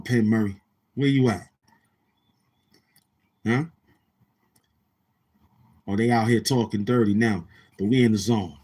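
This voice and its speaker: Husky rambling Brooklyn man. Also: fairly low pitch, a little mellow. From Brooklyn, New York. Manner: rambling, profane, keeps asking the chat questions. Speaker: show host. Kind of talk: rambling livestream storytelling.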